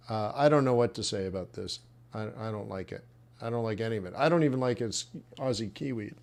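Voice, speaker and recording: A man's voice: lowish voice, gravelly. A man coaching traders in a live webinar, thinking aloud and reacting bluntly as he reviews trade plans. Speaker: trading coach. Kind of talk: live trading webinar commentary.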